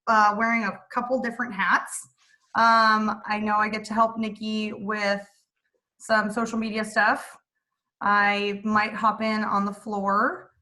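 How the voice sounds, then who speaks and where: A woman guest on a podcast, an event MC, talking in a relaxed, easygoing way. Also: medium pitch. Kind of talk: casual interview chat.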